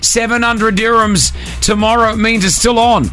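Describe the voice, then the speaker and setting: A man hosting a breakfast radio show from a studio, joking with callers and running a quiz in a brisk, upbeat way. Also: sits high, fairly even intonation, pushed and bright, soft background music.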